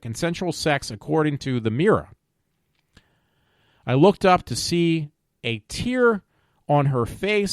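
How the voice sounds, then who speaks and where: A man's voice: a little high, no room sound, studio quality. A man hosting his own show, reading news stories aloud and commenting on them, stumbling over words and swearing along the way. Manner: profane and opinionated. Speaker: podcast host.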